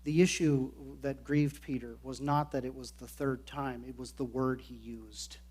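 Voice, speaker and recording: A man's voice: medium pitch, fairly even intonation, measured pace, a little mellow, slightly rough. A man preaching a sermon in an earnest way, slipping into quoted voices as he explains the passage. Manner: earnest, acts out quoted lines. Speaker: pastor.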